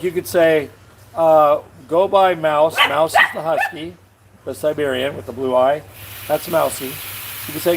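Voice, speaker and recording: Chatty man rambling in a noisy room. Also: fairly high pitch. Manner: rambling, chatty, talks to his dogs. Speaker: vlogger. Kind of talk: casual vlog chat. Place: home in the Philippines.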